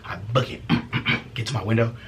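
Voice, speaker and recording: A young man casually telling a story as a vlogger, profane and animated, laughing often. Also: lowish voice, moderate pace, heavy background noise.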